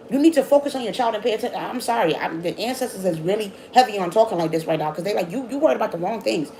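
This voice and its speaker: A woman's voice: a little high, expressive, darkish tone, slight background noise, poor audio. A woman giving a casual tarot reading, blunt and scolding, swearing freely and repeating herself as she talks. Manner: repeats herself, quick restarts. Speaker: tarot reader.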